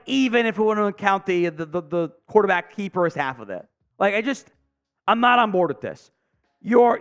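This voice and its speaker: A high-pitched man calls plays on a live fan stream, then rants and swears about his team's choices. He reads viewer messages aloud between plays. Faint music plays under his voice. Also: fairly bright tone. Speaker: sports stream host. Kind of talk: live play-by-play and fan commentary.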